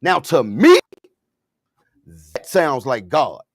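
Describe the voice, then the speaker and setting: A man hosting a casual talk show, speaking with slow, drawn-out emphasis. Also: a little high, huge pitch swings.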